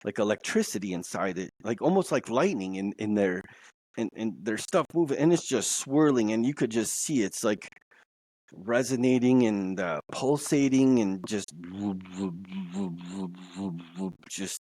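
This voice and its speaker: A man's voice: fairly low pitch, expressive, normal speed, mellow, dry recording. A man telling a personal story as a podcast guest, rambling and repeating words as he goes. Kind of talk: casual storytelling. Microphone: podcast mic.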